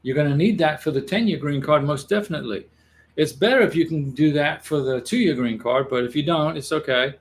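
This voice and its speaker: A man's voice: fairly high pitch, fairly quick, slight background noise. A man hosting an advice livestream, talking casually to viewers in a reassuring way and often repeating or restarting his phrases. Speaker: immigration advice livestream host.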